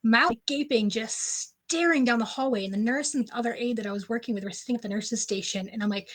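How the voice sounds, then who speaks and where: A woman guest on a podcast interview, telling a personal story in an animated, casual way, full of "like" fillers. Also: on the high side, fast talker.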